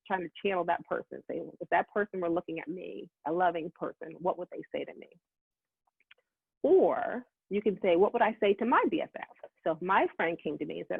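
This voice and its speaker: A middle-aged woman giving a motivational talk, talking fast and acting out her own inner voice. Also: on the low side, gravelly, breathy edge, no room sound. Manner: fast-talking, animated self-talk quotes. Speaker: summit speaker. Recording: tinny phone-like line, dry.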